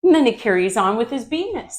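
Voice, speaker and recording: A woman teaching children's yoga through a story, gentle and asking the kids questions as she guides the poses. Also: a little high, big pitch swings, brisk.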